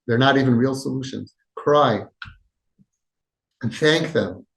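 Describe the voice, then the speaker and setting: A man hosting a parenting podcast, giving impassioned advice with shifts between loud and soft and acting out quoted lines. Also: medium pitch, slow, gravelly. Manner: emphatic, acts out quoted dialogue, swings between loud and soft. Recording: echoey room.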